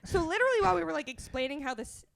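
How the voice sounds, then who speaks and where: A high-pitched woman spins a comic anecdote as a podcast guest. Her telling is chatty and animated, and she breaks into laughter between phrases. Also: very fast, creaky. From Canada. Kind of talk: comedic storytelling.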